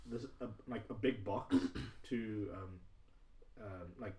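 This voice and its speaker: A man co-hosting a casual podcast, animated and quick to laugh, leaning on filler words. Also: fairly low pitch, roomy sound, far from the mic, slight background noise. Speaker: podcast co-host.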